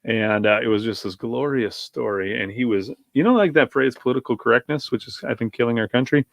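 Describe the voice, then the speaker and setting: A pastor chatting as a podcast guest, his voice sitting at an ordinary middle pitch as he tells a meandering, self-correcting story. It is recorded dry and close, with no room sound. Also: fairly quick, gravelly, no room sound. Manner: rambling, self-correcting, with tangents. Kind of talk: casual storytelling chat.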